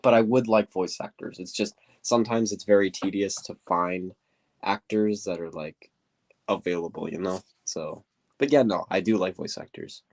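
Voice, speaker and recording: A man with a deep, stuffy voice, answering viewer questions in a casual livestream, rambling and hunting for words. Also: steady tone, normal speed, a little mellow. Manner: rambling, searches for words, says quote-unquote often. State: stuffy nose. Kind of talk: casual livestream chat while building.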